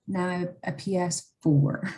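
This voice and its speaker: A woman from Long Island co-hosting a casual chat show, talking in an animated, joking and defensive way. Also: fairly low pitch, a little slow, low-quality recording. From Long Island, New York. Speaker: podcast co-host.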